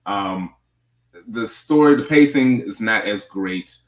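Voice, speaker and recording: A man hosting a casual movie review chat, speaking in a relaxed, hedging way and often repeating his words. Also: fairly low pitch, slow pace, echoey room. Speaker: show host.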